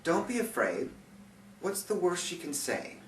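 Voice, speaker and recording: A man's voice: sits high, sing-song, a little slow, voice pushed up. A man voicing a kind teenage girl classmate who reassures and encourages, in a recording with a roomy, distant sound and faint hiss. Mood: reassuring. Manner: reassuring, upbeat.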